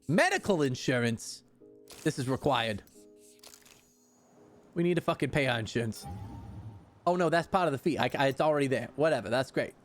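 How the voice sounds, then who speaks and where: Young man, streamer, high voice, excitable, swears a lot, faint music behind. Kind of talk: live gameplay commentary.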